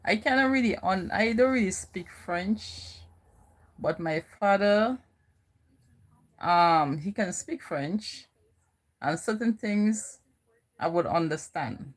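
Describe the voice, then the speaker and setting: A woman's voice: mid-range voice, lively intonation, takes it slowly, pauses often. A young woman from the Virgin Islands with a Virgin Islands accent, chatting casually and rambling with lots of "you know". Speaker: vlogger. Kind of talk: casual chat.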